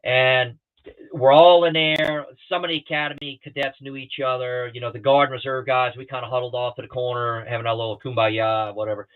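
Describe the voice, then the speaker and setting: A man's voice: mid-range voice, a little fast, smooth. Man telling stories over a tinny call. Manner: animated storyteller who acts out other people's lines. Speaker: guest pilot. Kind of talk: casual storytelling. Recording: tinny phone-like call audio.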